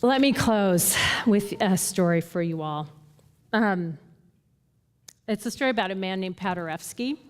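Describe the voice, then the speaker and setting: A woman's voice: mid-range voice, expressive, a little slow, pauses often, a little mellow, clear, resonant tone. Woman teaching a Bible study, hall reverb. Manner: earnest, retells stories with quoted dialogue. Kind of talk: conversational teaching and storytelling.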